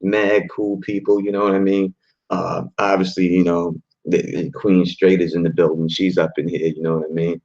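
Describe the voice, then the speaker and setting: Man, deep voice, slightly rough, casual livestream host, slangy and laid-back, dull lo-fi audio. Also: level tone, moderate pace. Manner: laid-back street slang, shout-outs to chat. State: voice a bit rough after a late night. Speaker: channel host. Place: hotel room at a fan convention. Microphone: phone or laptop camera.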